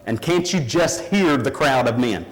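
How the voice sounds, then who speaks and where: A man preaching a sermon in a church, telling a story in an animated, emphatic way. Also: mid-range voice, measured pace, in a large hall, rough recording.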